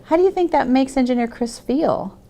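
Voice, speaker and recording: A woman's voice: high-pitched, brisk, warm tone. A woman hosting a children's TV show as a teacher, coaxing the kids with questions.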